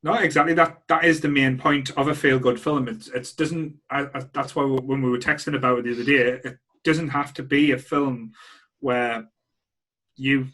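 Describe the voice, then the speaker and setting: A man co-hosting a casual film chat, speaking in a measured way with frequent restarts. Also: medium pitch, fairly even intonation, sharp tone. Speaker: podcast co-host.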